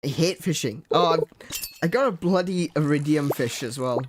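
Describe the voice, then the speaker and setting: A man's voice: a little high, normal speed, a little hiss or hum. A young man chatting casually and joking as he plays a farming game with a guest, laughing often and thinking aloud. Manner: joking, chuckly, thinks aloud while playing. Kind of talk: casual gameplay chat.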